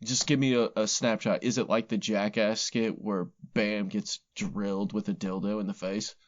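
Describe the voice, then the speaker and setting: A man co-hosting a podcast in casual chat, animated and jokey, swearing freely. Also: fairly low pitch, normal speed, lo-fi sound. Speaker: podcast co-host.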